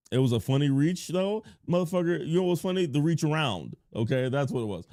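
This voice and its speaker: A man streaming live, chatting casually with his chat and cracking crude jokes with sudden playful shouts. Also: on the low side.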